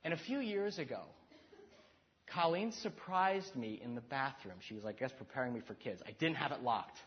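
A man's voice: medium pitch, animated, moderate pace, dull audio. A man in his thirties giving a heartfelt talk on marriage, earnest and self-deprecating, stumbling into restarts. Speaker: speaker to married couples.

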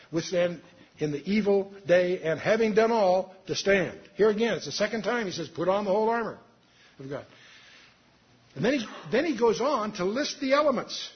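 A man's voice: high-pitched, breathy edge, dull audio. A man teaching a sermon, earnestly reading scripture aloud with emphasis and explaining it. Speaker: Bible teacher.

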